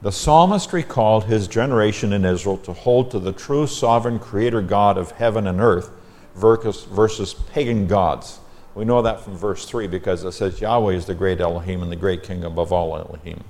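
Deep-voiced man teaching scripture. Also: a little mellow. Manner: measured, explanatory, emphatic when quoting verses. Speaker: Bible teacher.

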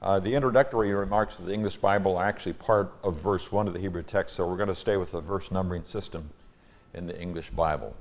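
Bible teacher, deep low male voice, emphatic scripture reading with plain asides. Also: steady tone, a little mellow. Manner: reads scripture with strong emphasis on key words; explains as he goes in plain, unhurried asides.

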